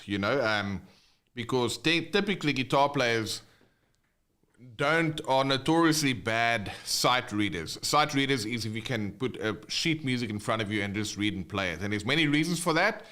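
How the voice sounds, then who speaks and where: A man's voice: medium pitch, sharp tone. A man teaching an online guitar lesson, explaining in a casual way with fillers and restarts.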